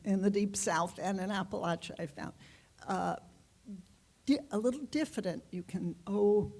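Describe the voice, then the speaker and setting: A woman being interviewed as a guest author, answering in an unhurried, reflective way with pauses and fillers. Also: medium pitch, a little mellow. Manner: unhurried, reflective, halting with fillers and light laughs.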